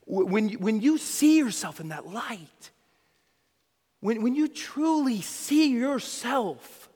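High-voiced male preacher in an echoing hall. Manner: swings from loud crying out to hushed near-whisper; repeats phrases for emphasis, stammering restarts. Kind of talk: sermon. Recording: long reverb of a hall.

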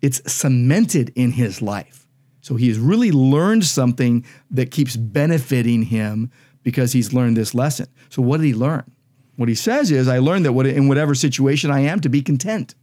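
A man's voice: medium pitch, expressive, moderate pace, dark tone. A man, a pastor and podcast co-host, explaining Bible verses in an emphatic, conversational teaching style. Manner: emphatic, explanatory, reads scripture aloud.

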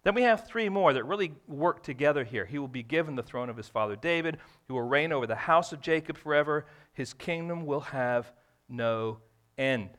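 A man's voice: a little high, expressive, moderate pace, a bit bright. A man preaching a sermon, explaining scripture verse by verse and stretching out key phrases for emphasis. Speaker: pastor.

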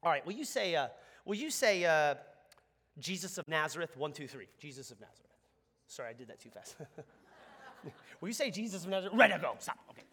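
Male pastor, higher-pitched, lively swooping delivery, casual preaching that asks the room to answer back. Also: a little fast, pauses often. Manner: animated, conversational preaching with congregation call-and-response. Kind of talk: sermon.

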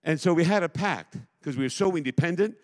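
A middle-aged man preaching a sermon as pastor, emphatic, swinging between loud declarations and hushed asides. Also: a little high, expressive, fairly quick. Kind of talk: impassioned sermon. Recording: long hall reverb.

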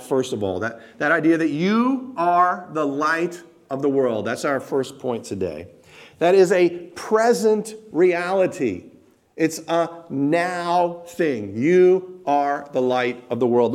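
Speaking a little slowly with lively intonation, a man with a fairly high pitch preaches emphatically to his congregation. He's direct, asks rhetorical questions, and keeps building to loud, repeated points of stress.

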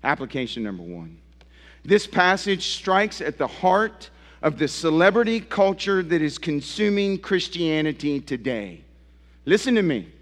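Pastor, male, high voice, passionate pulpit delivery, long church reverb. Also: very animated, unhurried. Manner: impassioned preaching with rising and falling emphasis. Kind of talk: sermon. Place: church sanctuary.

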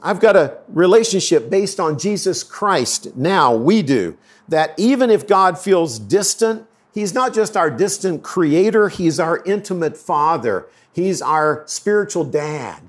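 A man's voice: fairly high pitch, expressive, unhurried. A man preaching as a pastor, earnest and conversational, acting out quotes as he goes. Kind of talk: sermon.

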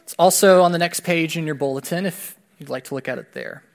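A man, a pastor, reading a long scripture passage aloud to his congregation during a church service, measured and steady with emphatic rises on key words. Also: fairly high pitch.

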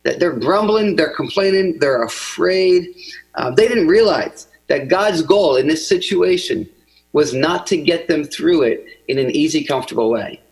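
A man preaching a conversational sermon, acting out quoted voices with big swings in pitch. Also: husky, rough recording. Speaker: pastor.

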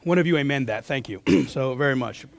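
A man preaching a sermon in a church as pastor, his voice hoarse from losing it, earnest, often restarting and clearing his throat. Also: medium pitch, a little fast, no room sound, clean studio sound.

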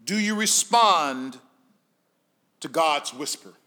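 A male pastor preaches with a high-pitched, brightly ringing voice. He tells stories to his congregation, dropping into quiet, hushed stretches before rising back to emphatic calls. His delivery has the rhythm of a storytelling preacher. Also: animated, takes it slowly. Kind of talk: sermon.

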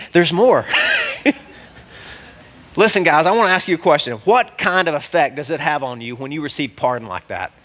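Bright-voiced, fiery male preacher. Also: fairly high pitch. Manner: animated, exclamatory preaching that swings from loud to hushed. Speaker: pastor. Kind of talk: sermon.

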